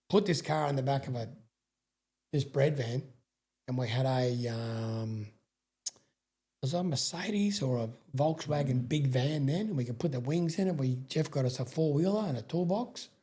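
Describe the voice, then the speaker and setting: Husky, dark-voiced Australian man. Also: medium pitch, normal speed. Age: middle-aged. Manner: rambling, swears freely, frequent restarts. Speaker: guest, sprintcar racing veteran. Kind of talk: casual storytelling interview.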